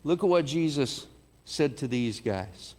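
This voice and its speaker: A man's voice: expressive, measured pace, darkish tone. A man preaching a sermon in a conversational way, acting out the quoted lines. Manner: conversational, acts out quotes with rising pitch. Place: church sanctuary. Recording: church hall reverb.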